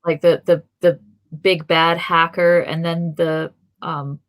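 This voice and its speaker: A woman's voice: sits low, flat delivery, slow. A young adult woman co-hosting a podcast, chatting casually and thinking aloud with fillers and restarts. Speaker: podcast co-host. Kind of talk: casual chat.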